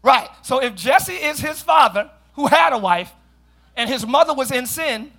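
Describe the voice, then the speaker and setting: A middle-aged male pastor preaching a sermon in a church, often shouting, with playful asides to the congregation. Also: very high voice, expressive, normal speed. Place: church sanctuary.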